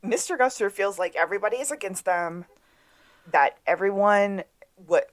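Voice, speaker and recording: A woman's voice: medium pitch, lively intonation. A woman co-hosting a podcast, casually retelling a TV episode and acting out the characters' lines. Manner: storytelling, acts out quotes with drawn-out delivery. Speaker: podcast co-host. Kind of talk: casual episode recap chat.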